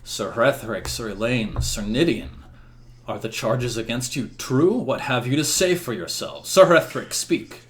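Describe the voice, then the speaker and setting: A man's voice: medium pitch, expressive, measured pace, fairly bright tone, faint music behind. A man voicing a stern king in a tabletop game, questioning accused knights. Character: stern grieving male king.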